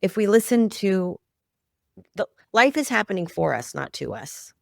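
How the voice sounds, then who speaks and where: Heartfelt, slightly gravelly woman storyteller. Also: mid-range voice, big pitch swings, moderate pace, darkish tone, no echo, clean studio sound. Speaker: guest, founder of a children's music project. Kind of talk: conversational storytelling interview.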